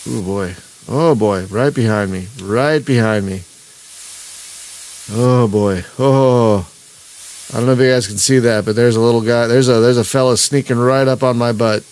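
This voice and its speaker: A man of average pitch chats through a live gameplay stream, rambling and cutting himself off mid-sentence. He chuckles often and talks in a loose, casual way. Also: normal speed, a little mellow. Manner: rambling, self-interrupting, chuckling. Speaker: gaming channel host.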